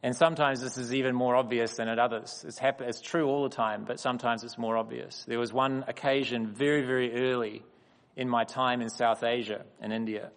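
Man, sermon, emphatic measured delivery, mid pitch, long hall reverb. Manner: measured, emphatic preaching with deliberate pauses. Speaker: guest speaker at a church. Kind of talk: sermon with personal stories.

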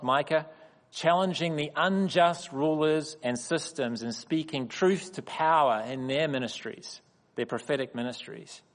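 Man, sermon, emphatic measured delivery, mid pitch, long hall reverb. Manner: measured, emphatic preaching with deliberate pauses. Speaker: guest speaker at a church. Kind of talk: sermon with personal stories.

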